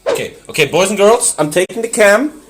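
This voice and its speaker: A man's voice: high voice, animated, brisk, fairly bright tone, soft background music. A man for whom English is not his first language, hosting a casual cooking stream in a brash, teasing, mock-boastful way. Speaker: cooking show host.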